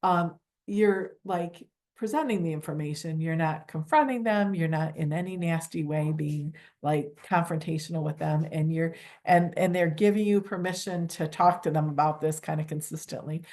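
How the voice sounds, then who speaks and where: A middle-aged volunteer coordinator explains volunteer screening in an online training webinar, her voice somewhat low and a little mellow. She speaks loosely and humbly at normal speed, with hardly any pauses and plenty of everyday fillers. She often acts out her own calls with applicants.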